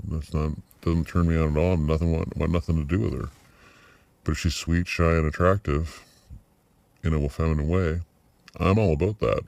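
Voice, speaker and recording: A middle-aged man talking through a personal video diary, reflective and halting, with many fillers and restarts. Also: rumbling low, creaky, darkish tone, no room sound. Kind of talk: personal vlog monologue.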